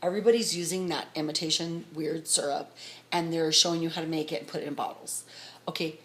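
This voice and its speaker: A middle-aged woman telling a rambling story to her vlog audience, talking fast and excitedly. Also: deep voice. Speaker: vlogger. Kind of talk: casual storytelling to camera.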